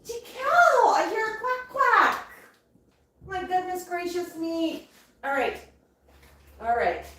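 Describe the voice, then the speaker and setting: A woman hosting a casual livestream, cooing and chatting gently to her pet parrots in between reading viewer comments. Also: extremely high pitch, animated, takes it slowly, pauses often, far from the mic. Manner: coos and talks gently to her birds. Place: indoor room with pet parrots. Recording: very echoey room, voice away from mic, faint noise.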